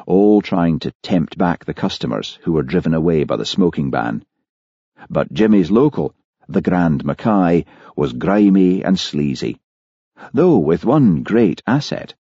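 A man narrating an audiobook in a measured, expressive storytelling manner, recorded dry and slightly dull. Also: low voice, husky, no room sound. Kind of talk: scripted narration.

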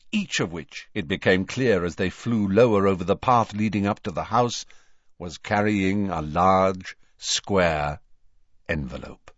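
A man narrating a story in a measured, expressive audiobook reading. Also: on the low side, dry recording, lo-fi sound. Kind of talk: scripted narration.

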